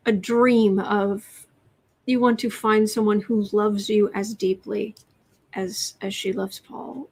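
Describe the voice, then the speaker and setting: A woman's voice: mid-range voice, a little mellow, breathy edge. A woman tarot reader chatting on a live stream, reading viewer questions aloud and cooing to her cat between them.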